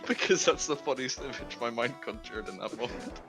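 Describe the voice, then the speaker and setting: A man's voice: mid-range voice, fairly quick, over music. A man joining a game stream, joking around and doing impressions. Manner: playful, giggly, does impressions. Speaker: co-host guest on a stream. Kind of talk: casual let's-play banter.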